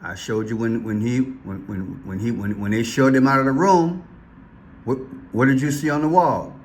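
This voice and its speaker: A man hosting a casual commentary vlog, excitable and repetitive as he points things out on screen. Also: medium pitch, moderate pace, slight background noise. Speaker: vlog host.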